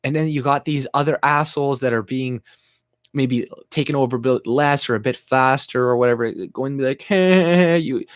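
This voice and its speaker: A man's voice: mid-range voice, fairly even intonation, fairly quick, dry recording, clean studio sound. A man hosting a casual livestream rant, talking bluntly, swearing and laughing often. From Canada. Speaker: livestream host.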